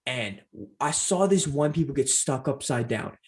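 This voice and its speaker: A young man from Canada, a podcast co-host, telling stories in a casual, animated way with lots of "like" fillers. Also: medium pitch, unhurried. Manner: animated storyteller, acts out quoted voices, many fillers. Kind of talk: casual storytelling chat.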